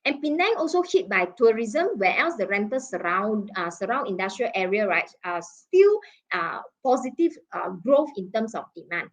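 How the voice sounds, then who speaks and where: A woman with a Malaysian English accent presenting market data in a webinar, checking in with "okay?" and "right?" and pausing on fillers. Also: medium pitch, big pitch swings. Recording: dull lo-fi webinar audio.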